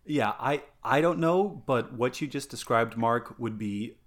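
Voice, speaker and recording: A man's voice: medium pitch, a little slow. A man ranting in casual chat as a podcast co-host, stammering through restarts and mocking people in put-on voices.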